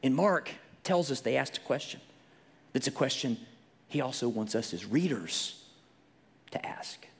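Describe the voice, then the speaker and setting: A man preaching a sermon in a conversational storytelling way, dropping to a hushed whisper and then rising to loud emphasis. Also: mid-range voice, lively intonation, a little slow, long pauses. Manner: conversational, storytelling with frequent restarts.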